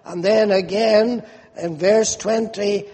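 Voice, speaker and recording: A man preaching a sermon, slow and emphatic, rising into animated rhetorical questions. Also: high voice, long reverb tail.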